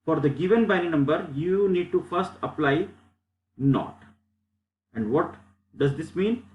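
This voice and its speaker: A man's voice: on the high side, animated, unhurried, a little mellow, roomy sound, slight background noise. A man teaching a lecture over slides, explaining step by step and often repeating himself.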